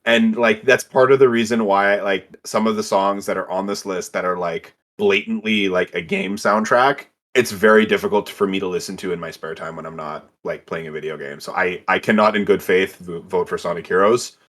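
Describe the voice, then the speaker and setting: Male co-host, lower voice, blunt casual podcast talk. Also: fairly even intonation, moderate pace, hardly any pauses, fairly bright tone. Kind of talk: casual chat.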